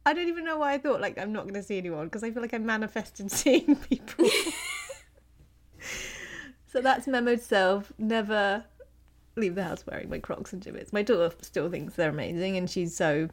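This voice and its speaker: A woman's voice: medium pitch, moderate pace. A woman, co-hosting a podcast in casual chat, telling a long story with frequent laughter. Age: 40s. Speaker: podcast co-host.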